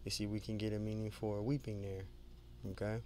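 A man giving an informal Bible study who reads scripture slowly, then talks it over conversationally, repeating himself and calling his listeners "man.". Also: on the low side, flat delivery, warm tone, slight background noise. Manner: conversational, repeats and restarts words, adds "man" and "you know"; reads scripture aloud slowly, then lists word meanings. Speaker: Bible teacher.

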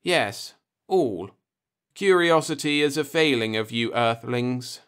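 Guy doing a super polite calm alien dude, measured and formal, smooth tone. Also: medium pitch. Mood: politely calm. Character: calm, ritually polite male alien elder. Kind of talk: audiobook dialogue reading.

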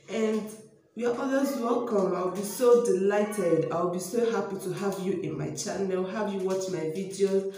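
A young woman with a Nigerian accent talks straight to her viewers in a casual vlog, excitable and prone to repeating herself. Her voice is warm and mellow. The small room she records in at home is very echoey. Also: medium pitch, slight background noise. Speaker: vlogger. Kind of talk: casual vlog talking to camera. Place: home room by a toilet, indoors.

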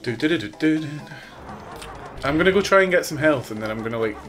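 A man's voice: on the high side, lively intonation, fast talker, a bit bright, faint music behind. A man playing a video game with a friend, joking around, swearing freely and laughing at himself. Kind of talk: casual let's-play banter.

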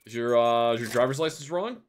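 A man streaming a video game, making sarcastic casual commentary with sudden loud outbursts. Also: mid-range voice, expressive, fast.

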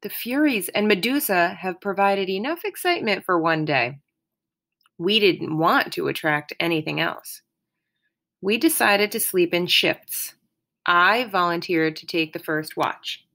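A woman reading an audiobook chapter aloud in a measured, expressive storybook manner. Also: fairly low pitch. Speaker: audiobook reader. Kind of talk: audiobook narration.

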